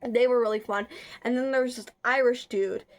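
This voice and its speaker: A chatty young woman with a slightly high voice talks casually to her viewers. She rambles, trips over her words and fills gaps with likes and ums. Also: fairly even intonation, moderate pace. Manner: rambling, chatty, frequent filler words and restarts. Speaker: vlogger. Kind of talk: casual chat.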